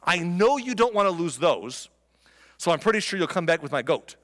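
A man's voice: high voice, very animated, normal speed, a bit bright, in a large hall. A man voicing a bold, clever young woman who speaks in a sly, matter-of-fact way. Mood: calm bargaining.

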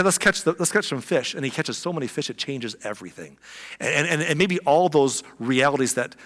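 A man preaching a sermon as pastor, animated and conversational, with frequent exclamations, in a church sanctuary. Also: mid-range voice. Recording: long reverb of a large hall.

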